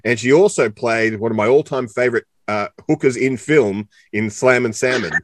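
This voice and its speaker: A man's voice: medium pitch, moderate pace, dry recording. A man with an Australian accent co-hosting a casual interview, chatty and joking, rambling with lots of fillers. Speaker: co-host interviewer.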